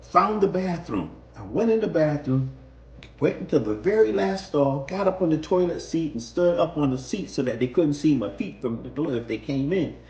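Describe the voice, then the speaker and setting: Brief: animated male storyteller, highish voice, echoey room with faint music. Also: normal speed, muffled recording, a little hiss or hum. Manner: animated, acts out scenes. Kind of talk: casual spoken storytelling.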